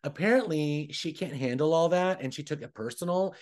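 A man's voice: fairly high pitch, brisk. A young adult man hosting a podcast in casual, gossipy chat, bouncing between opinions and acted-out quotes. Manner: animated, gossipy, acts out quotes. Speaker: podcast host.

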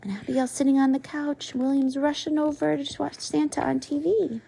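A woman in her thirties reading a storybook aloud to her children, expressive and stopping to ask them questions. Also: sits high, moderate pace, vocal fry. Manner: expressive, asks the kids questions.

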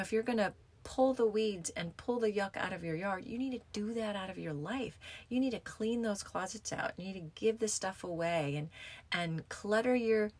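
A woman yoga teacher talking in a casual, rambling way, with frequent restarts and fillers. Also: mid-range voice. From United States. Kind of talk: casual reflective talk.

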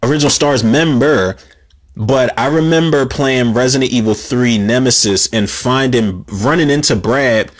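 A man talking alone on his own show in a loose, rambling way. He stammers and restarts often and swears freely. His voice sits at an ordinary middle pitch. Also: normal speed. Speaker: podcast host. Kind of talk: casual solo commentary.

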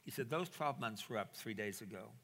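A man telling a personal story in a sermon, animated and acting out the quoted dialogue. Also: on the low side, fairly quick. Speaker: preacher. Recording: reverberant hall.

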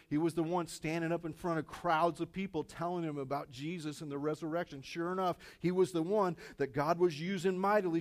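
A male pastor preaching a sermon in an animated way, acting out dialogue and often restarting his sentences. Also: mid-range voice, gravelly.

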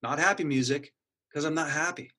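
A man's voice: fairly high pitch, fairly quick, sharp tone. A middle-aged man earnestly telling a personal story in casual conversation, acting out his own inner dialogue. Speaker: guest sharing a personal story.

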